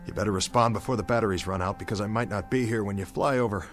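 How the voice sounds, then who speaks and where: An actor playing a stranded, shaken pilot who rambles over the radio in a radio drama, asking himself questions. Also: male voice, fairly low pitch, fast talker, close to an everyday voice. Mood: shaken, rambling. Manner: rambling, questioning, half-laughing monologue. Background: music score.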